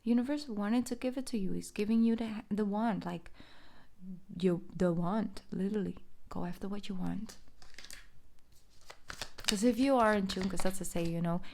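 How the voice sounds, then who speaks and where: A woman reads tarot in a loose, chatty way, wandering through her points and laughing often. Her voice is warm and mellow, with a gravelly fry at the bottom of it. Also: mid-range voice, moderate pace, long pauses. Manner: chatty and rambling, laughs often, many fillers. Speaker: tarot reader. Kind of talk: casual tarot reading to camera.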